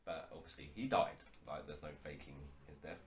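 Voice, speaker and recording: A man's voice: extremely low pitch, fairly quick, a little hiss or hum. A man co-hosting a podcast in casual chat, jokey and rambling, poking fun at himself. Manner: jokey, rambling, self-mocking. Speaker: podcast co-host. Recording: roomy echo.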